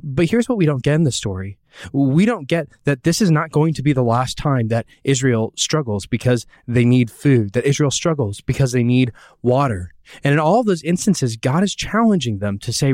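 A man's voice: mid-range voice, expressive, fairly quick, darkish tone, dry recording, studio quality. A man giving an earnest Bible teaching talk, telling stories and voicing people's questions.

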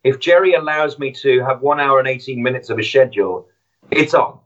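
A man's voice: mid-range voice, fairly quick, a bit bright, muffled recording. A man who is a podcast guest, telling a moving story and talking about his podcast with hesitant restarts. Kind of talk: casual interview chat.

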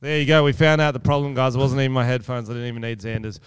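Podcast co-host, Australian man, smooth and resonant, dry close sound, loose jokey banter. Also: medium pitch, little pitch movement, racing, no room sound. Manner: loose, jokey, swears casually. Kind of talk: casual banter.

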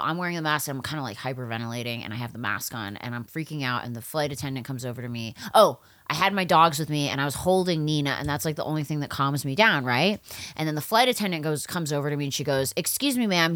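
A woman's voice: low voice, fast talker, fairly bright tone, dry recording. A woman co-hosting a podcast, telling a story in casual chat, swearing a lot and acting out the people in it. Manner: swearing, storytelling with voiced reenactments. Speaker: podcast co-host.

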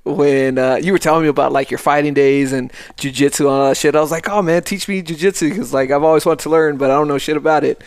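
A man hosting a podcast, relaxed and profane, laughing often while chatting with his guest. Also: mid-range voice, fast talker, few pauses, clean tone, no echo, clean studio sound. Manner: laid-back, laughing, profane. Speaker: podcast host. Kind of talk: casual podcast chat.

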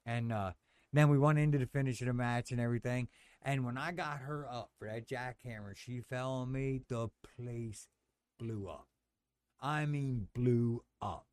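A man telling stories as a podcast guest, acting out quotes with sudden loud high yelps. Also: moderate pace, clear, resonant tone, no echo. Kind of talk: casual storytelling.

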